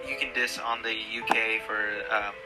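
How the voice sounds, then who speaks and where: A man's voice: fairly low pitch, flat delivery, normal speed, over music, poor audio. A man co-casting a game tournament stream, chatting casually. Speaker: tournament caster.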